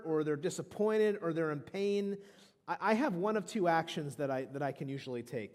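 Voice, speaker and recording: Male pastor, thirties, fairly high voice, preaching emphatically, long hall reverb. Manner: emphatic preaching with frequent restarts. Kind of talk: sermon. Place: church sanctuary.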